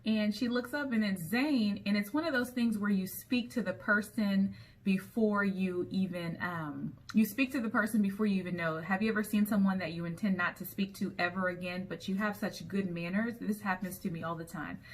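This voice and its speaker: A woman's voice: medium pitch, normal speed. A woman recapping a TV episode in a chatty storytelling way, with frequent ums as she goes. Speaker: TV episode reviewer.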